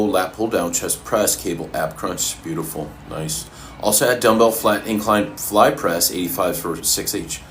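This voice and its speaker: A man coaching fitness and answering viewers' questions in a relaxed, casual way while eating, sometimes talking with his mouth full. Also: low voice, a little hiss or hum. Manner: relaxed, talks with his mouth full, pauses mid-sentence.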